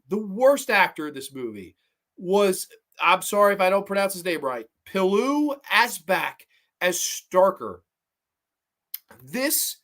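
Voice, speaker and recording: Profane, lively-voiced male movie ranter. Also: sits high. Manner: profane, heated, sarcastic. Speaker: horror movie reviewer, host. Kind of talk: solo movie review rant.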